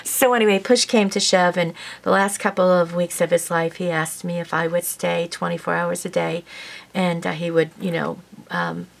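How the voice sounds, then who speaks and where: A woman's voice: fairly low pitch, fairly even intonation, moderate pace, gravelly. A woman vlogger telling a heartfelt personal story to her viewers in a casual, rambling way, with many fillers and an emotional, sometimes tearful tone. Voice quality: warm, emotional, tearful at times.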